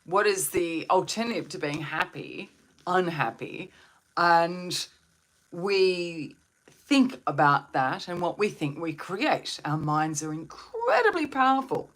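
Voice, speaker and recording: A woman's voice: fairly low pitch, sing-song, slow pace, fairly bright tone. A woman hosting a live stream on wellbeing, talking to viewers in a soothing, reflective way and asking them questions. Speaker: meditation and wellbeing host.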